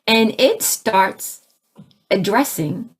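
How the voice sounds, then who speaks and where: A woman with a slightly husky, breathy voice tells a personal spiritual story in a casual, lively way. She imitates sounds and other voices as she goes, and often restarts her sentences. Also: medium pitch, drawn-out words. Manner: frequent restarts, laughs between phrases. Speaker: spiritual speaker.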